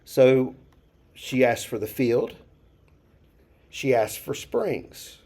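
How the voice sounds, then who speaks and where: A man's voice: mid-range voice, sing-song, very slow, a little mellow. A man leading a church Bible study, talking casually, asking the group questions and repeating key phrases for emphasis. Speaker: pastor.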